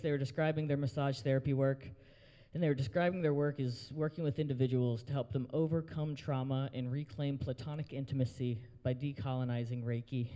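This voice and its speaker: A man's voice: fairly high pitch, a little mellow, long reverb tail. A young man hosting an open mic, doing a crude stand-up set and working the crowd in a brewery. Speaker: open mic host and comedian. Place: brewery taproom, live audience.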